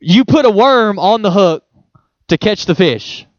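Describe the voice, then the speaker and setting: A man's voice: high voice, animated, a little slow, no echo, dull audio. A male pastor giving a sermon in a conversational, playful way, with homely examples.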